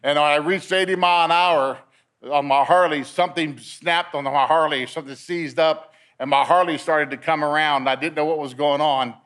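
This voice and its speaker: A man's voice: on the high side, fairly even intonation, moderate pace, fairly bright tone, smooth. A man giving a personal testimony at a men's meeting, telling his story in a storytelling way and repeating words as he gets caught up in it.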